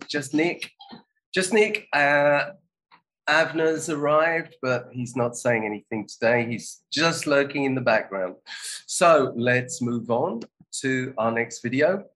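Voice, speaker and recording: Man hosting a relaxed video reaction. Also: mid-range voice, poor audio. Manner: relaxed, wry asides. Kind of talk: casual live commentary.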